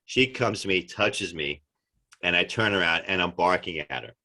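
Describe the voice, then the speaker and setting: Deep-voiced animated male storyteller. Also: normal speed. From United States. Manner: animated storyteller, acts out quotes. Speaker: actor guest. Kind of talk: casual interview chat.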